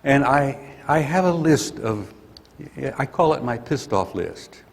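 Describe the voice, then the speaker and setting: A man's voice: mid-range voice, animated, takes it slowly, vocal fry, big-room sound, slight background noise. An older man giving a blunt, grumpy conference talk and venting his anger. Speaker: conference speaker. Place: conference hall.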